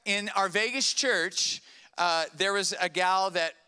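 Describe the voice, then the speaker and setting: A middle-aged man preaches from a church stage in a lively storytelling sermon. His voice sits high and sounds bright and smooth. He restarts phrases and keeps checking in with the congregation. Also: slow pace. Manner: animated, repeats words and checks in with "all right?". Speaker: pastor.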